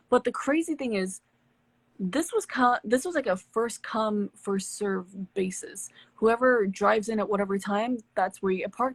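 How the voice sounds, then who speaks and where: A woman with a husky, slightly breathy voice recounts a story on a live stream in casual chat. She talks candidly and swears freely. The sound is dry and close. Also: mid-range voice, no room sound. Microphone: phone on a live stream.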